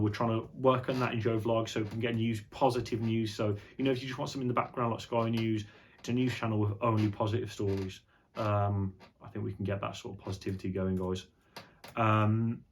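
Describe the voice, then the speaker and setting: A man's voice: on the low side, little pitch movement, fairly quick, a little hiss or hum. A young man chatting casually on an unscripted vlog, rambling and jokey, with some swearing. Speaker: vlogger.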